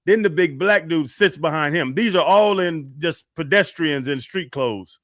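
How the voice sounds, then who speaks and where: Male radio co-host, a bit high, dry studio sound, animated storyteller. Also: moderate pace, dry recording. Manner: animated storyteller, acts out quotes. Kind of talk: casual storytelling on sports radio.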